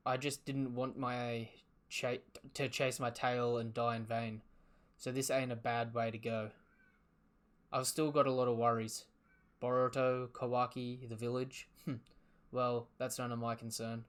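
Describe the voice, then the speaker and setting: A man reading aloud the lines of a dying male fox spirit, in a calm, matter-of-fact manner. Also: mid-range voice, unhurried, smooth, natural voice. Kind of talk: reading manga dialogue aloud.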